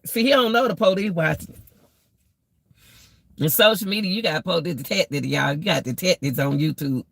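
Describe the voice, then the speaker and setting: A woman's voice: fairly low pitch, gravelly, fairly bright tone, no echo. A woman giving casual life advice to her viewers, preachy, repetitive and emotional. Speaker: vlogger.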